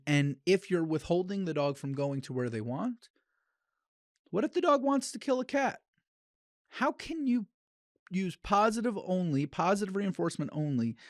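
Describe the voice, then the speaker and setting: A man hosting a solo podcast as a dog trainer, talking bluntly and with conviction in quick bursts, with frequent restarts. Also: a little high, no room sound, clean studio sound.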